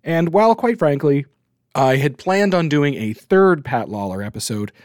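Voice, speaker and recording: A man's voice: on the high side, expressive, normal speed, darkish tone, dry recording, clean studio sound. A man from Canada with a Canadian accent, hosting a podcast in casual, self-deprecating chat. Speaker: podcast host.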